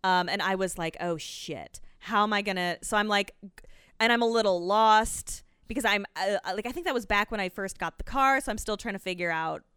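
A young adult woman telling a story in casual chat, animated and swearing freely as she acts out her own panicked lines. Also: mid-range voice, brisk, clean tone, no room sound, studio quality.

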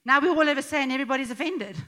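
Speaking very fast, a middle-aged woman addresses a church gathering with a conversational sermon full of jokes and asides. Her slightly high voice has a bright, forceful edge, and she sounds animated and chatty, like she's talking with friends from the pulpit.

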